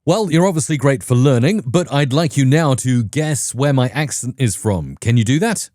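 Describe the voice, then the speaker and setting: Man, tech video host, upbeat, conversational, animated pitch, dry close mic. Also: normal speed, no room sound. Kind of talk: enthusiastic tech review narration.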